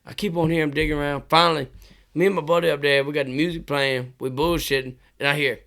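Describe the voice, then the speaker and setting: A man tells a rowdy, profane story on a casual podcast. His voice is bright, pitched a little high, and he laughs his way through it. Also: fairly even intonation, fast talker, vocal fry. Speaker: podcast co-host.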